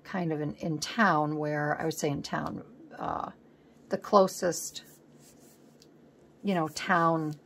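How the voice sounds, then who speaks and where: Woman, collage artist host, casual crafting chat, thinks aloud, rambling, soft murmurs, gravelly voice. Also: low-pitched, steady tone, slow, long pauses, a little hiss or hum.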